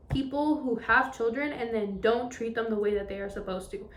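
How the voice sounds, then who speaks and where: A young woman chats through a solo podcast episode in a candid, expressive voice that sits a little high. She swears freely, fills gaps with casual fillers, and her voice rings around an echoey room. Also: moderate pace, noisy background. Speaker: podcast host. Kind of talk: casual chatty podcast monologue.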